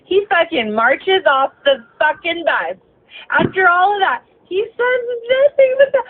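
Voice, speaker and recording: A woman's voice: very high-pitched, very animated, measured pace. Exasperated woman ranting over a phone line. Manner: heavy swearing, exasperated, voice breaking with emotion. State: tired. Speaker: bus driver. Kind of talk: late-night venting rant. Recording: tinny phone-line sound, faint hiss.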